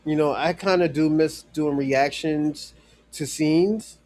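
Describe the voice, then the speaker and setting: A man's voice: a little high, takes it slowly, darkish tone. A man chatting casually on a live stream, rambling with many fillers and restarts, swearing freely and talking straight to a viewer in chat.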